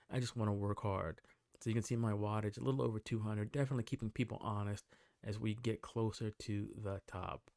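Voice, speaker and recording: Relaxed man narrating his ride, dry. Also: lowish voice, no echo. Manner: relaxed, conversational play-by-play with small restarts. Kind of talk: casual recorded voice-over commentary. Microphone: desktop voice-over mic.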